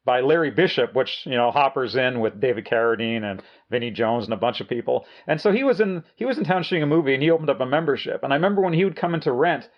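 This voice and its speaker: A man's voice: medium pitch, lively intonation, quick pace, hardly any pauses. A man in casual chat, rambling through anecdotes with frequent yeahs and laughs. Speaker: video store co-host. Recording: dull lo-fi audio.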